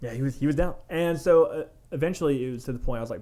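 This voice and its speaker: A young adult man, a tattoo artist co-hosting a podcast, telling a story in casual chat, animated and laughing, with lots of "like" and swearing. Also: mid-range voice, quick pace, few pauses.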